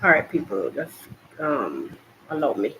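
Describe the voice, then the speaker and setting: A Jamaican podcast host rambles chattily to live viewers in a casual live-stream, recorded on a laptop in a hot, bright makeshift home studio. His medium-pitched voice is very animated and fairly bright, moving at a measured pace. The audio is lo-fi with slight background noise.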